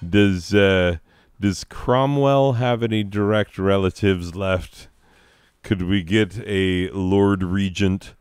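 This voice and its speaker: A high man rambling crudely and joking as he hosts his own gameplay commentary. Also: fairly even intonation, slow, darkish tone, clean tone, no echo. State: high on drugs. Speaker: let's play host. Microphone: own desk microphone.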